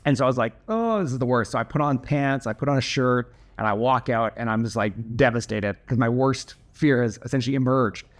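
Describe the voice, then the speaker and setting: A man's voice: mid-range voice, fairly even intonation, brisk, few pauses. A young man casually telling a personal story to camera, chatty and self-deprecating, with lots of fillers and restarts.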